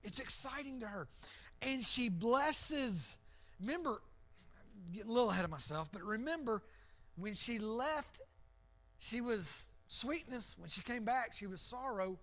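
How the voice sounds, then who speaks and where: High-voiced man preaching a Bible lesson. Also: lively intonation, measured pace, fairly bright tone. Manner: imaginative storytelling with frequent repeated words. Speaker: pastor. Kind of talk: evening Bible lesson sermon. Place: church.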